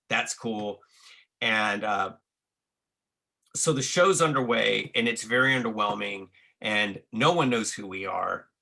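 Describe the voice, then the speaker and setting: Man, casual storytelling, frequent restarts, swearing, bright tone. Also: on the low side, gravelly. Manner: profane, restarts a lot, acts out quotes. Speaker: guest telling a tour story.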